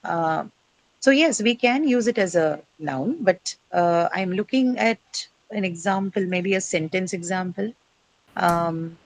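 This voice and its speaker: Woman teacher, lowish voice, dry close sound, asks questions and corrects students. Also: expressive, a little slow, no room sound, rough recording. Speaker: English teacher. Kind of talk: classroom lesson on word stress. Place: classroom.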